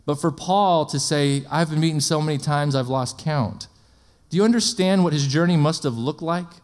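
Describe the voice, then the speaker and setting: A man preaching a sermon in an energetic, conversational way, often asking the congregation questions and slipping in jokes. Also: a little high, normal speed.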